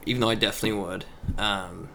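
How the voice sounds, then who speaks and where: Gravelly low-voiced young man, rambling. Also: fairly even intonation. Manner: rambling, halting, full of fillers. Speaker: podcast co-host. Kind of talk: casual chat. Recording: faint background noise.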